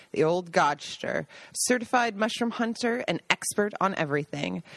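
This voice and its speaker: A woman hosting a podcast tells casual, animated stories in a chatty way. Her voice sits in a middle range and sounds dry and close. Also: medium pitch, no room sound. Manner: chatty, animated, laughing anecdotes. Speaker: podcast host. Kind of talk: casual storytelling.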